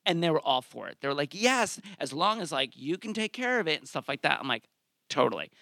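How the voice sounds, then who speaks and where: A middle-aged man telling a personal story live on a theater stage, animated and acting out his own thoughts in quotes. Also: on the high side, fairly quick, gravelly, dry recording, studio quality.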